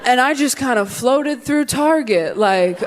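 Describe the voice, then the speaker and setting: A woman's voice: sits high, unhurried, background noise. A woman in her twenties performing a stand-up comedy set on stage, acting out quoted voices. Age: 20s. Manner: animated, acts out quoted voices. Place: stage before a laughing audience.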